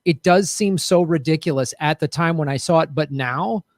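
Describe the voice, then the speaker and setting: High-voiced, indignant male podcast host. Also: moderate pace, no echo, clean studio sound. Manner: emphatic, indignant. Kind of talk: casual political chat.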